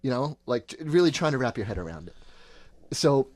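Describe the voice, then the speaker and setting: A man's voice: mid-range voice, a little fast, no echo. A man in his thirties telling a long personal story in a casual, rambling way, often acting out what people said. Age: 30s. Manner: rambling, animated retelling with quoted voices. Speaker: podcast host.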